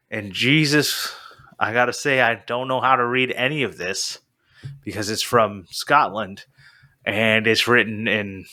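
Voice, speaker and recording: A male podcast host with a bright, ringing tone in relaxed chat. He rambles, laughs at himself and fills pauses with "uh" and "like". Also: medium pitch. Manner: rambling, self-deprecating, with frequent fillers.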